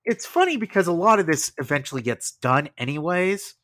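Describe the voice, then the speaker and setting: Lively man hosting a podcast. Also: a little high, brisk, dry recording. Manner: animated storytelling with asides and laughs. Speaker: podcast host. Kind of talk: casual podcast narration.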